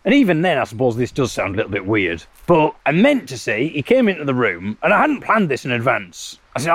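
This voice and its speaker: A man's voice: medium pitch, very animated, fairly quick, few pauses, fairly bright tone, dry recording. A man hosting his podcast while out on a river walk, telling stories in a rambling, self-deprecating way and laughing often. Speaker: podcast host. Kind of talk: casual walking monologue.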